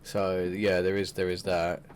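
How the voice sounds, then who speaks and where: A man co-hosting a podcast, chatting casually about wrestling, animated and swearing freely. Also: low voice, unhurried, slight background noise. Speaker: podcast co-host.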